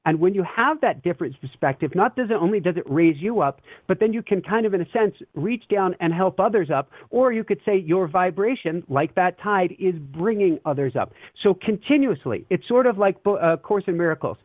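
An earnest man, reflective and given to easy laughter, with a slightly high voice. His sound is dry and squeezed into a thin, phone-like band. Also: expressive, brisk, few pauses, dry recording. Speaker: guest. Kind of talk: casual spiritual talk. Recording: tinny phone-line sound.

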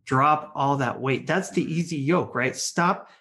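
A man's voice: a little high, a little slow, pushed and bright. A man co-hosting a podcast, reflecting thoughtfully and a bit rambling. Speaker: podcast co-host. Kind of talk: casual podcast conversation.

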